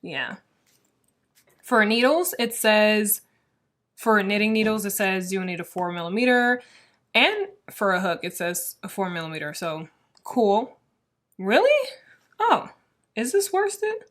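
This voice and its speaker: A woman hosting a casual crochet podcast, chatting to the camera in a rambling, excitable way with plenty of "like" fillers. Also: medium pitch. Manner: excitable, quick to get worked up. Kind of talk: casual chat showing yarn to camera.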